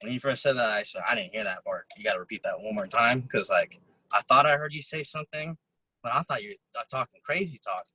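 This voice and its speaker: A man giving a motivational talk to a group, telling stories and acting out quotes of other people in an animated way. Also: medium pitch, quick pace, husky, dry recording, poor audio. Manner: animated storytelling, acts out quotes. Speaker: motivational speaker. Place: event room.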